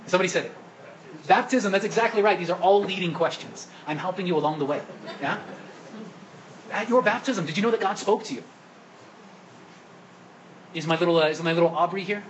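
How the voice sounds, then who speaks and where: A man's voice: sits high, a little fast, pauses often, a little hiss or hum, low-quality recording. A man preaching a sermon at Mass as the priest, asking the congregation questions and coaxing them to answer. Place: church during Mass.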